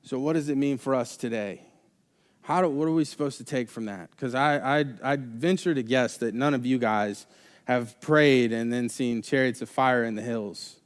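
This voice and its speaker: A man's voice: mid-range voice, normal speed, clean tone. A young adult man preaching a sermon live in a church, talking casually and rambling with many restarts and fillers. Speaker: pastor. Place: church sanctuary. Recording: live church recording with long hall reverb.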